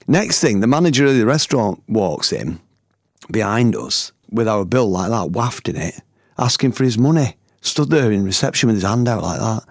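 A man's voice: on the low side, animated, a little fast, breathy edge, dry recording, studio quality. A middle-aged man from the north of England, telling a personal anecdote in colloquial, chatty language and laughing as he goes. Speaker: storyteller and former band member. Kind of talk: anecdotal storytelling.

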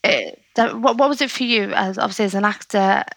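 A woman with a Scouse accent, a poet talking in a casual interview and telling her stories in a chatty, animated way. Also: mid-range voice. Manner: animated, chatty storytelling with quick asides. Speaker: poet, guest.

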